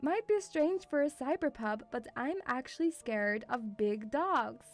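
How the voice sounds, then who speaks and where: A woman's voice: high voice, animated, measured pace. A young woman from Russia, streaming casually, reading viewer messages and calling the viewer sweetie, with frequent giggles.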